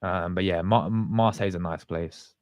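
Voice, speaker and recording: A man's voice: deep voice, steady tone, normal speed, no echo. A man, hosting a casual livestream and chatting with viewers in a loose, slangy, rambling way. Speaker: fan channel host.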